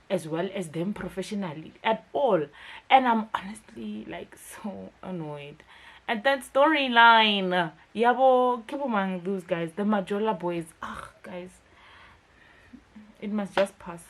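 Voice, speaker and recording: A woman's voice: medium pitch, slightly rough. A young woman, reviewing a TV series in a casual, chatty commentary vlog. She talks emphatically, with frequent fillers.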